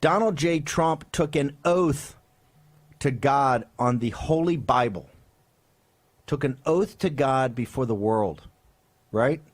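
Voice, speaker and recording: A man's voice: medium pitch, lively intonation, slow pace, long pauses. A man hosting a political talk show, delivering fiery commentary, emphatic and rhetorical, with frequent tag questions. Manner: emphatic, rhetorical, keeps asking "right?".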